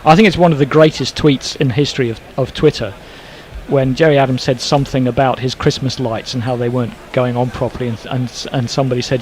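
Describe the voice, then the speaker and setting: A Northern Irish man calls a cricket match ball by ball, mixing brisk play-by-play with dry jokes between deliveries. His medium-pitched voice is fairly even and a little mellow, and the poor recording has some hiss or hum.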